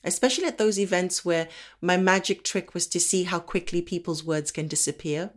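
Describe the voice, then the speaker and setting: Woman from Africa, low register; measured spoken-word monologue delivery. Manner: measured, deliberate delivery with slow emphatic pauses.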